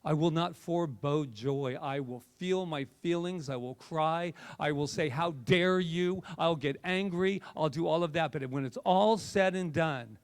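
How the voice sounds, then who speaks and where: A man's voice: a little high, moderate pace, hardly any pauses, smooth. A male minister preaching a passionate, conversational sermon to his congregation. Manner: impassioned, conversational, animated.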